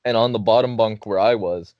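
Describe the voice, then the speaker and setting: This young podcast host has a fairly low voice and a brisk delivery, laughing and cursing frequently as he casually tells a funny story with animation. The recording is dry and lo-fi.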